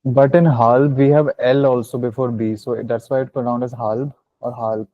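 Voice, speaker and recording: A man asking quick questions as a student in a language class. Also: mid-range voice, little pitch movement, dull audio.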